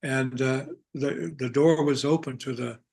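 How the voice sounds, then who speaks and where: An older man from Arkansas, an actor guest telling anecdotes in a meandering, halting way and chuckling often. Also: medium pitch, steady tone, gravelly, darkish tone. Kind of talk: casual anecdotal storytelling.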